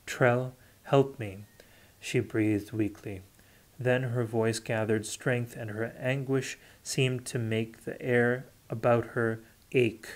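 A man reading a novel aloud, unrehearsed, in a measured and deliberate way. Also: medium pitch. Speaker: audiobook reader. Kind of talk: unrehearsed audiobook narration.

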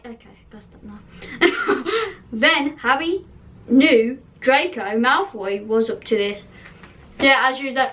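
A high-voiced young woman chats in a slow, unhurried way, giggling at herself as she reads. She sits a little back from the mic, so her voice sounds distant. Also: a bit bright. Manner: giggly, self-mocking, laughs often at her spelling. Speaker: channel host reading an old dream book. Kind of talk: casual chat reading aloud.

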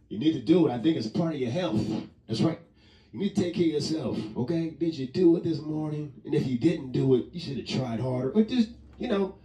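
Joking, rambling man with lively delivery. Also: medium pitch. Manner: joking, rambling, laughs often, swears casually. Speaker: vlogger. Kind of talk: casual comedic monologue. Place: indoors at home. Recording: roomy sound from a distant mic.

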